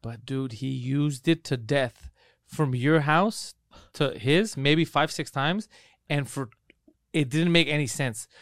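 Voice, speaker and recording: A man's voice: on the high side, slow pace, no room sound, clean studio sound. A man co-hosting a podcast, telling stories with lots of swearing and acting out what others said in casual banter. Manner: animated storytelling, acts out quotes, swears a lot. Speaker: podcast co-host.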